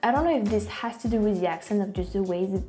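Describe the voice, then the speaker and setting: With a medium-pitched, dark-toned voice and a quick pace, a woman gives casual commentary as a YouTube host. She's a native French speaker with a French accent who hesitates often, using lots of fillers and restarts. Faint music plays behind her.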